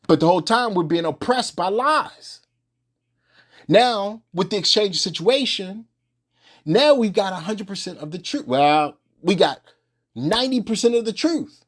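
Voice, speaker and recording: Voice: mid-range voice, lively intonation, moderate pace. A religious teacher giving an informal sermon in colloquial speech, emphatic and repetitive, firing off rhetorical questions and restarting phrases.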